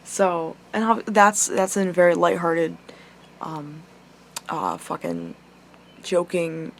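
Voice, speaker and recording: A young woman telling a personal story to her camera, rambling with lots of swearing and filler words. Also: fairly low pitch. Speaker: vlogger. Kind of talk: casual storytime monologue.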